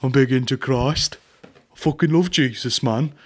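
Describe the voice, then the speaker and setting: A man's voice: mid-range voice, moderate pace, natural voice. A man putting on a mocking impression of a boastful, pious male music star.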